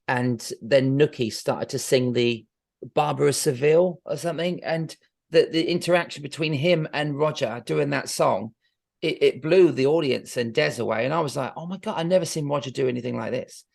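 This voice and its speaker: A man's voice: medium pitch, normal speed, creaky, darkish tone. A man appearing as a podcast guest, chatting casually and enthusiastically. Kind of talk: casual chat.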